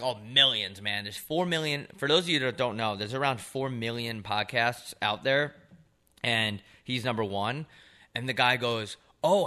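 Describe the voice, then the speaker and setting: A young man co-hosting a podcast, telling rambling, profane stories in casual chat. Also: medium pitch. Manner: rambling, profane, animated storytelling. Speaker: podcast co-host.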